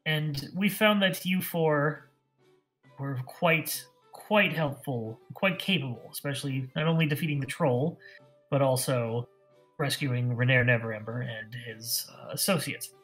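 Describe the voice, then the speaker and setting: A man's voice: medium pitch, a little slow, a bit bright, faint music behind, lightly acted. A man playing a polished male field agent recruiting adventurers, speaking formally but with many hesitations. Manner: formal, hesitant, filler-laden.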